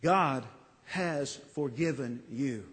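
A man preaching a sermon as pastor, earnest and pleading, with dramatic pauses. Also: mid-range voice, a bit bright. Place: church sanctuary. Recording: long church reverb.

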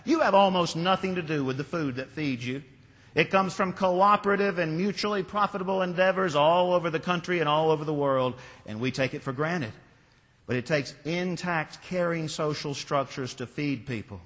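Pastor giving a sermon, measured storyteller, slightly high male voice, echoing sanctuary. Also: a bit bright.

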